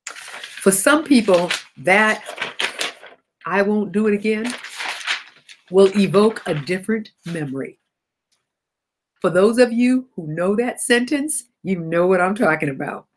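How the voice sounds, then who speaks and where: A woman's voice: medium pitch, animated, a little slow, background noise. A middle-aged woman with a cold hosts a motivational broadcast, talking animatedly to viewers and often laughing and correcting herself. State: has a cold. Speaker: host of a self-help broadcast.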